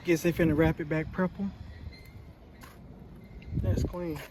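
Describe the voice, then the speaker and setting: A man's voice: on the high side, level tone, measured pace, warm tone, slight background noise. A young man vlogging casually from inside a car wrap shop, laid-back and slangy, often tagging his sentences with "man", recorded on a handheld phone. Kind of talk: casual vlog commentary.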